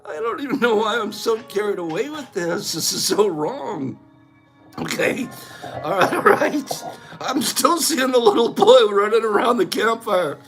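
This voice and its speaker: A man's voice: high voice, expressive, measured pace, fairly bright tone, faint music behind. A man hosting a casual livestream, talking loosely and breaking into giggles often. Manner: giggly, keeps breaking into laughter. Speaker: livestream host.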